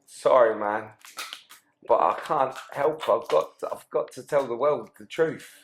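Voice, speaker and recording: A man's voice: mid-range voice, unhurried, slight background noise. A man hosting a podcast interview, asking questions and throwing in teasing jokes. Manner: teasing, jokey. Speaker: podcast host. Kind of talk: conversational interview.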